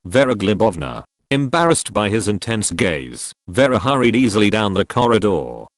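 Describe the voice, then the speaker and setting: A man narrating a historical audiobook in a measured, expressive storytelling manner, recorded close up in a booth. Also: lowish voice, no echo. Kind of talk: scripted narration.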